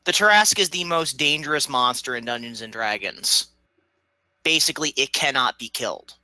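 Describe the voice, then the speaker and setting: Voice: medium pitch, expressive, moderate pace, sharp tone, no room sound, rough recording. A player in a casual tabletop game session, talking eagerly and chattily.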